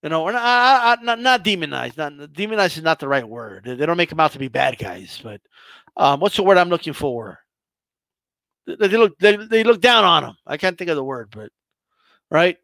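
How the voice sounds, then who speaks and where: A man's voice: fairly high pitch, animated, moderate pace, vocal fry, bright, forceful tone, dry recording. A man hosting a boxing channel, ranting heatedly with lots of swearing and stammered restarts. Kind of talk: profane casual rant.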